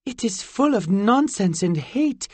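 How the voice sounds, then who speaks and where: A man's voice: high-pitched, very animated, a little slow, dry recording, voice pushed up, full character voice. A male narrator voicing a haughty, curious fairy girl with a British accent and formal, old-fashioned phrasing. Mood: wondering.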